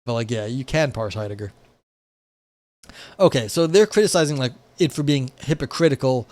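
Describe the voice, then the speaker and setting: Sitting indoors at a desk by a window, this young male streamer reads philosophy and reacts with sardonic, swear-laden comments full of "like" and false starts. His mid-range voice is expressive and darkish, at a moderate pace, with no echo.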